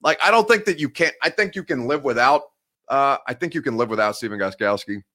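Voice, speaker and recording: A man's voice: medium pitch, lively intonation, a little fast, sharp tone. A man hosting a live sports talk show, chatting casually, rambling and correcting himself as he goes. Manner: rambling, self-correcting, joking. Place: home studio.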